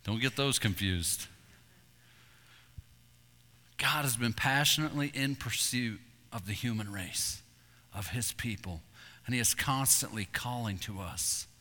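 A man preaching a sermon, telling hunting stories with animated delivery and acting out calls and voices. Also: medium pitch, normal speed. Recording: long reverb in a hall.

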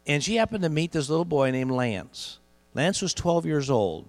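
Middle-aged preacher, gravelly and animated; sermon, big echoing hall, mains hum. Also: male voice, a little high. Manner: builds to loud emphatic peaks, slows for key phrases. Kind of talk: sermon storytelling.

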